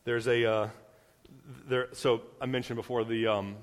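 Casual young preacher in a reverberant hall. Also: male voice, mid-range voice, flat delivery, measured pace. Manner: conversational, many fillers and restarts, acts out quotes. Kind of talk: casual sermon. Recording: long reverb of a large hall.

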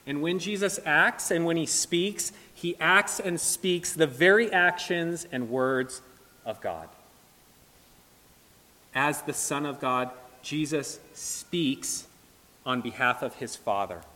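A man's voice: a little high, bright, forceful tone. Earnest preacher man in reverberant church. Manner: earnest, emphatic preaching with dramatic pauses. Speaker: pastor. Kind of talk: sermon. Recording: long reverb of a large hall.

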